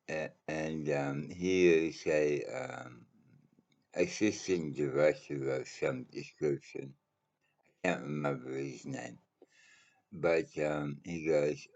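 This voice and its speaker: A man hosting his own channel, telling a casual personal anecdote in a halting, rambling way with lots of fillers and the odd swear word. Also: extremely low pitch, vocal fry, darkish tone, lo-fi sound.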